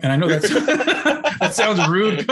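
A man's voice: sits high, sing-song, extremely slow, a crowd in the background. A man co-hosting a casual chat podcast, swearing freely, laughing often, and acting out coworkers in put-on voices. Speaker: podcast co-host.

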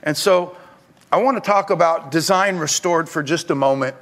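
A middle-aged male pastor preaching a sermon, swinging between loud urging and quiet, confessional talk. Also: on the high side, moderate pace.

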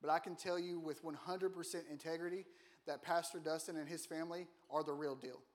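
A man's voice: on the high side, fairly even intonation, brisk. A man giving a casual, joking sermon in a church, often putting questions to the congregation. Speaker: guest preacher. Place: church auditorium.

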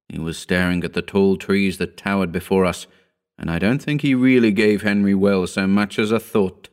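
A man narrating a horror story in a slow, grave, deliberate reading. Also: deep voice, steady tone, darkish tone.

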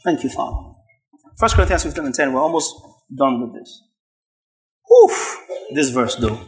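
A man preaching a sermon, emphatic and repetitive, rising to shouts at his peaks. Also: medium pitch, animated, normal speed. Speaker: pastor.

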